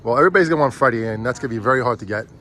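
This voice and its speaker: A man vlogging as a father while unboxing a prop with his kids, chatty and teasing, easily excited. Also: mid-range voice, racing. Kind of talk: casual chat.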